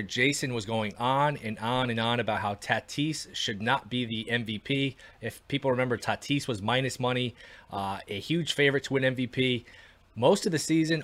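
Measured male podcast host asking questions. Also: medium pitch, fairly bright tone. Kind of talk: casual podcast interview.

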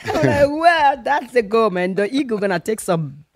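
A woman from Congo telling a lively personal story in casual chat, laughing often and acting out voices. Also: fairly high pitch, moderate pace. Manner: animated, laughing, acts out voices in anecdotes. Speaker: guest.

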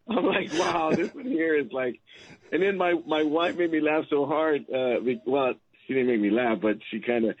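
A man's voice: a little high, normal speed, highs cut off, a crowd in the background. A middle-aged man appearing as a guest on a talk radio show, telling rambling, laughing stories about his family and acting out their voices. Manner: rambling storyteller, laughs often, acts out family members. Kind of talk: casual talk radio chat.

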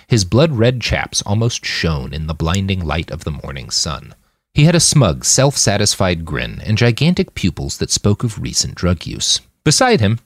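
A man reading his serialized fiction aloud with expressive delivery. His voice is very low yet swings widely in pitch. The recording is close and dry. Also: dry recording. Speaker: fiction podcast narrator. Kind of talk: scripted narration.

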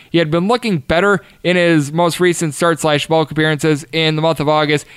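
A man hosts a sports betting show, firing off statistics and odds at speed with emphatic punches. His voice sits a bit high for a man, smooth and clear, recorded dry and close with no room sound. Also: a bit bright, no room sound. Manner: rattles off stats quickly, emphatic. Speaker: sports betting podcast host. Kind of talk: fast scripted-style sports betting analysis.

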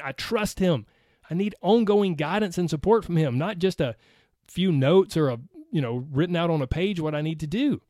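A man's voice: sits high, a little mellow, no echo, clean studio sound. A man with a Southern accent hosting a podcast, coaching listeners in an earnest, conversational monologue, often asking "right?". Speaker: podcast host and weight-loss coach.

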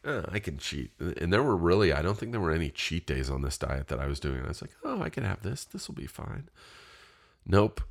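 A man with an extremely low, deep voice tells a rambling personal story in a casual, animated way. He swears freely and acts out both sides of his phone calls. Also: vocal fry.

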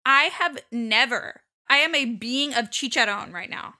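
A young woman co-hosting a podcast in casual chat, animated and rambling, swearing often. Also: fairly high pitch, unhurried. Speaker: podcast co-host.

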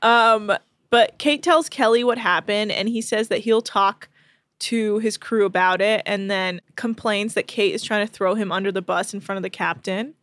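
A woman hosting a podcast, recapping a show in a chatty, rapid storytelling way with plenty of fillers, close to the mic. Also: mid-range voice, steady tone, fairly bright tone, no echo. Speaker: podcast host.

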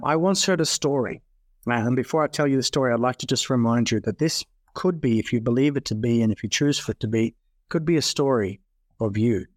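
A man hosting a wellness podcast, giving an earnest motivational presentation with repeated phrases and soft, slowed emphasis. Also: mid-range voice, no echo. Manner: earnest, repetitive, slow soft emphasis on key lines.

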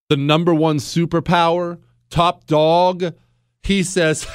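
A man's voice: fairly high pitch, little pitch movement, slow pace, clean tone, no echo, clean studio sound. A man hosting a talk radio show, giving a sarcastic, theatrical monologue.

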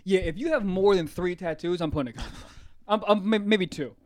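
A man co-hosting a podcast, in crude comedic banter, loud and excitable, laughing and swearing often. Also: high voice, quick pace, no room sound. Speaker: podcast co-host.

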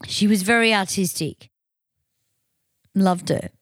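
A woman's voice: medium pitch, takes it slowly, no echo, studio quality. A woman with an Australian accent co-hosting a podcast, candid and rambling, swearing freely, a little tipsy. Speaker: podcast co-host, singer. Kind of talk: casual podcast chat.

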